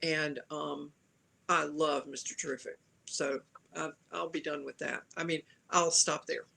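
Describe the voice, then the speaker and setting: A woman's voice: sits low, little pitch movement, unhurried, creaky, sharp tone. A woman from the American South, a panelist giving opinionated film criticism with wry asides in a casual chat.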